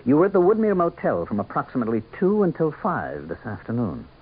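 An actor playing a sly, sardonic male campaign manager who speaks with smooth, mocking politeness in a 1970s radio drama. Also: mid-range voice, wildly swooping pitch, fast talker. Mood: menacing. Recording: thin, tinny old radio broadcast.

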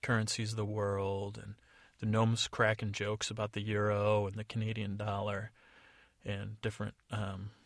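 A man's voice: fairly low pitch, monotone, moderate pace, gravelly, dry recording, clean studio sound. A man from the United States improvising a story in a casual, rambling, digressive way. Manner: rambling, digressive, many fillers. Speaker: podcast storyteller.

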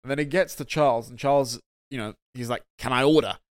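A man who is a guest on a casual podcast and tells animated stories. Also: medium pitch, fast talker, smooth, no room sound. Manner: animated storyteller. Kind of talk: casual chat.

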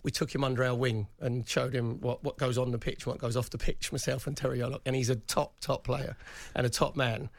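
A man's voice: medium pitch, little pitch movement, fairly quick, gravelly, few pauses, dry recording, clean studio sound. A middle-aged man, co-hosting a casual football chat and making his points emphatically, repeating himself. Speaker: radio co-host, former footballer. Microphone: studio microphone.

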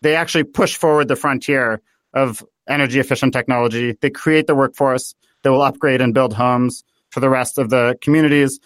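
A man from the United States, a guest in a political interview, talking in an animated way and thinking aloud with many fillers. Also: mid-range voice, a little fast, no room sound. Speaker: guest author.

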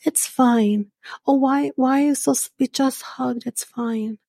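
A woman's voice: sits high, fairly even intonation, unhurried, vocal fry, warm tone, dry recording, clean studio sound, voice pushed up, full character voice. A woman imitating a coddling, dismissive mother who soothes her grown son and brushes off any problem. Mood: smothering. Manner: soothing, smothering, brushing things off.

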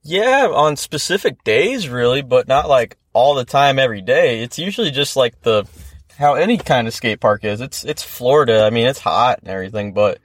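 A man's voice: medium pitch, lively intonation, normal speed, no echo. A young man from the Midwest, a skateboarder and guest, telling stories in a laid-back, rambling way and swearing freely. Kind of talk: casual podcast storytelling.

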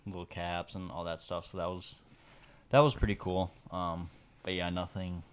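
A man's voice: low voice, flat delivery, moderate pace, clear, resonant tone. A man co-hosting a podcast, talking in a rambling, casual way with lots of fillers and laughs. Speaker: podcast co-host. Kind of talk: casual chat.

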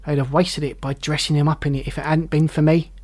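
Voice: medium pitch, flat delivery, fast, darkish tone, close to an everyday voice. The narrator puts on a coarse old woman in a storybook reading. She is brash and defensive, talking as if daring anyone to argue. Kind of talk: audiobook character voice.

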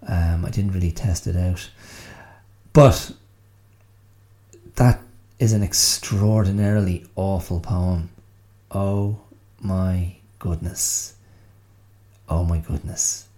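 A man's voice: low-pitched, warm tone. A man hosting his own solo podcast, talking in a wry, self-mocking, chatty way. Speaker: podcast host.

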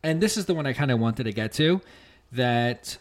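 Lively-voiced man co-hosting a podcast. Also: medium pitch, normal speed. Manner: joking, teasing, reads reviews aloud. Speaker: podcast co-host. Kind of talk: casual chat.

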